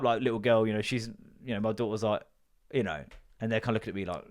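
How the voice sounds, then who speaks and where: Fast and fairly low-pitched, this man hosts a comedy podcast alone, ranting through tales full of profanity and dramatizing each quoted person.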